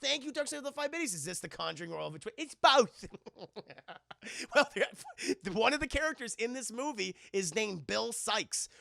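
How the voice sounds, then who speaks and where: High gravelly-voiced man ranting to his live chat. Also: fast talker, no echo, studio quality. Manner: rambling, profane, animated. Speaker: livestream film reviewer. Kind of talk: casual chat with a live audience.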